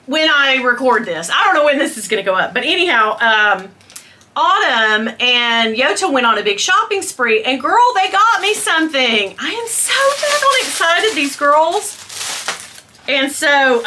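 A woman, chatting excitedly to viewers in a fashion haul video, gasping and squealing with delight. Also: on the high side, noisy background. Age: 50s. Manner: gushing, squeals and gasps with delight, talks to viewers as girl and y'all. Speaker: beauty and fashion vlogger.

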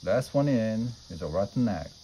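A man's voice: lowish voice, lively intonation, normal speed, warm tone, a little hiss or hum, close to an everyday voice, poor audio. A man voicing a bold, boastful young boy in a storybook read-aloud.

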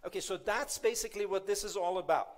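Man, high voice, keynote speaker, motivational talk, conversational, playful. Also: fast. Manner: conversational, playful, asks the audience.

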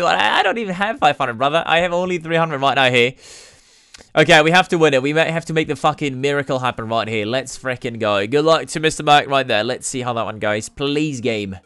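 A man giving excited commentary on his own gambling gameplay, cursing freely and swinging between cheering and groaning. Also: fairly high pitch, clear, resonant tone, no room sound. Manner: hyped, swears a lot, swings from yelling to groaning. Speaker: gaming YouTuber.

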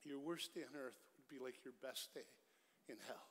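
A middle-aged man giving a lively, joking evangelistic sermon at a church concert, swinging from loud storytelling to hushed pleading. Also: mid-range voice, normal speed, slightly rough. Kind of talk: energetic evangelistic sermon with jokes. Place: large church concert hall. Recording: live church hall with long reverb.

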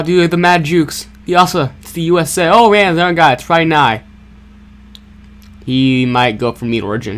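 Excitable young man narrating gameplay. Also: on the high side. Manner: excitable, jokey, stammering repeats, yelps when chased. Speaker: gaming channel host. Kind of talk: casual gameplay commentary.

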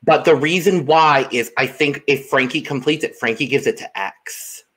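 A man's voice: medium pitch, moderate pace, fairly bright tone, husky. A man co-hosting a podcast in casual chat, chiming in often with short agreements. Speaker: podcast co-host.

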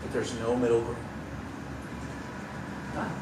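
A man's voice: medium pitch, takes it slowly, very noisy. Man preaching in a roomy church. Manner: conversational, wry asides, acts out quoted voices. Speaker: pastor. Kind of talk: sermon. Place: church sanctuary. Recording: roomy church sound from a distance, faint ambience.

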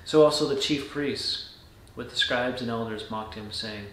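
A man in a pastoral role reads scripture aloud and then reflects on it at a measured pace, often sinking to a soft, low delivery. His voice sits at an ordinary middle pitch. The room adds a noticeable echo, and a faint background noise runs underneath. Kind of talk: scripture reading and short devotional.

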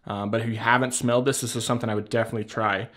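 A man talks casually into a camera he holds at arm's length, rambling from one product to the next. His voice sits at an ordinary middle pitch, loose and chatty, with casual swearing and easy laughs. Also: little pitch movement, very fast, fairly bright tone. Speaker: beard care vlogger. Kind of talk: casual product show-and-tell. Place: at home by a shelf. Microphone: handheld camera at arm's length.

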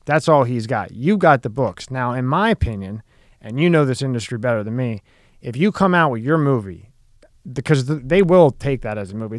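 A man's voice: medium pitch, no room sound, studio quality. A man hosting a casual podcast chat, pressing his point and talking it through with lots of fillers. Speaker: podcast host.

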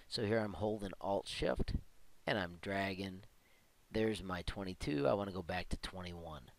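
A man hosting a software tutorial, talking through each step in a chatty, upbeat way. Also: sits low, low-quality recording. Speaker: tutorial host. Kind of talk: screen-recorded software tutorial.

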